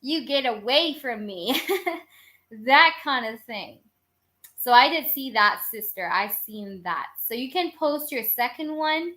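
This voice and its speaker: A woman giving live tarot readings to her viewers in a loose, chatty stream of talk full of fillers. She curses casually. Her voice is bright and sits slightly high. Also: animated, slow pace. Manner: chatty and informal, with casual cursing; rambling, with many filler phrases. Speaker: tarot reader.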